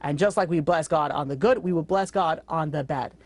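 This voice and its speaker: A man, a rabbi, telling a moral story in a sermon, earnest and animated with casual fillers. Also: a little high, fairly quick. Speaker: rabbi teaching a class.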